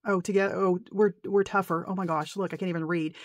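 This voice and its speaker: A middle-aged woman vlogging about paper crafting in a casual show-and-tell, excitable and gushing, rambling and getting tongue-tied as she goes. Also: on the low side, fairly quick, few pauses, slight background noise.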